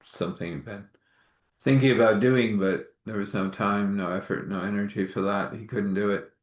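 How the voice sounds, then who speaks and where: A man's voice: fairly low pitch, steady tone, normal speed, echoey room. A man telling an informal faith story in a rambling, chuckling, conversational way.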